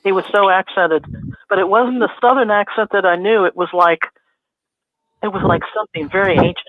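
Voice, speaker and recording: Quick-talking caller on a tinny phone line. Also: medium pitch, no echo. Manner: quick talker, eager to chime in. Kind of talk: casual call-in chat.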